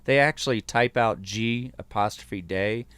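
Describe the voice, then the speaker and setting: A man with a Texan accent hosting a casual podcast, relaxed as he reads out listener messages and moves the talk along. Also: on the low side, unhurried, clean tone, no room sound. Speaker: podcast host reading listener mail.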